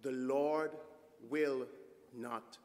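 A man's voice: mid-range voice, steady tone, drawn-out words, darkish tone. A man preaching a sermon as a guest preacher, telling stories and calling on the congregation to respond. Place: church. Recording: long reverb of a church hall.

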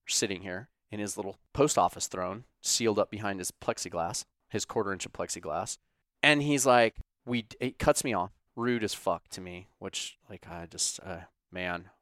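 A man recounts his day in a loose, animated storytime rant, sarcastic and heavy on the swearing. His voice is smooth and resonant. It sits at an ordinary pitch for a man, and the sound is dry and close. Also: dry recording.

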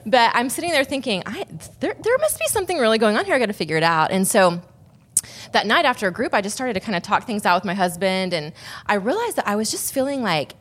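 A woman's voice: medium pitch, sing-song, fast, fairly bright tone. A woman on a podcast telling a personal story in a casual, rambling way, with many restarts and asides. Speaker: podcast guest.

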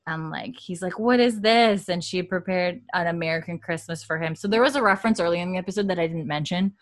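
A young woman with a low voice runs through a TV episode in a loose, chatty recap, leaning hard on "like" and slipping into the characters' lines as she goes. The sound is close and dry, with no room to it. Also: fairly even intonation, fast talker, no echo. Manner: chatty, heavy on "like" fillers, acts out the characters' lines. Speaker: podcast host.

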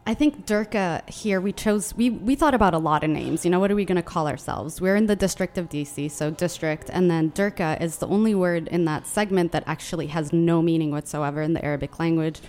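A woman hosting a podcast, explaining in a lively casual chat with frequent restarts. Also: lowish voice, fairly quick, hardly any pauses. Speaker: podcast host.

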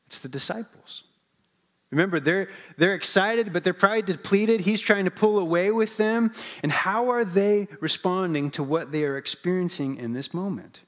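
Chatty, higher-voiced male pastor. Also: moderate pace, fairly bright tone. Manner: conversational and humorous, with asides to the congregation. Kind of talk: sermon.

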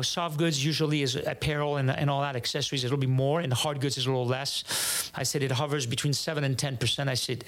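French-accented man telling a story. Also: on the high side. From France. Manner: animated, acts out dialogue, frequent restarts. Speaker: guest. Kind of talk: casual storytelling.

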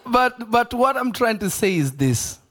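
A preacher delivering a live sermon in an animated manner, laughing often and throwing questions to the congregation. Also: male voice, very high voice, measured pace, a faint crowd.

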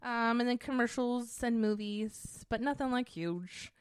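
A woman's voice: a little high, a little slow, clear, resonant tone. A woman as a podcast guest, chatting casually and giggling often as she talks. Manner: giggly and animated.

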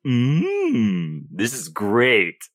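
A man's voice: mid-range voice, huge pitch swings, drawn-out words, no echo, clean studio sound, exaggerated voice. A man playing a flustered, bashful young male spy in an improvised tabletop role-play.

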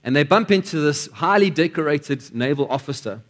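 A man's voice: on the high side, lively intonation, brisk, a bit bright. A man delivers a sermon to his congregation. His delivery is conversational and anecdotal, and he restarts and repeats words as he builds his points. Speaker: preacher.

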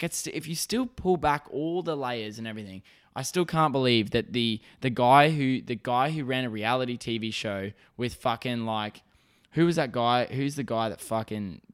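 An Australian man hosting a solo podcast, ranting and rambling with constant swearing. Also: medium pitch. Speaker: podcast host.

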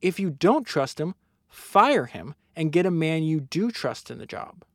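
A man's voice: a little high, sing-song, unhurried, fairly bright tone, dry recording, pitched above the performer's own voice, full character voice. Casting note: a man doing a curt, impatient older businessman, dry close sound. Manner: curt, commanding quotes.

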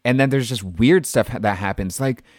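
A man's voice: medium pitch, moderate pace, darkish tone, no echo, studio quality. A man talking casually and animatedly about a film, with lots of fillers.

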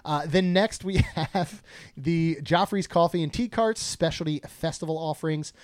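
A man's voice: a little high, normal speed, no echo, clean studio sound. A man co-hosting a casual podcast, chatting and joking while reading out a food menu. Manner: chatty, jokey, reads menu items aloud. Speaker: podcast co-host.

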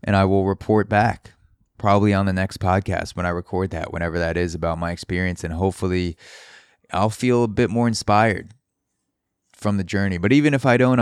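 A man's voice: deep voice, smooth, dry recording, clean studio sound. A man hosting a solo podcast, talking in an earnest, encouraging way and repeating points for emphasis. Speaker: podcast host.

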